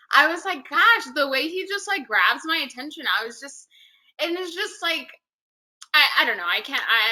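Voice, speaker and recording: An actress being interviewed, chatting casually and telling stories with animated, acted-out reactions. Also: female voice, a little high, low-quality recording. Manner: animated storytelling, acts out her own reactions.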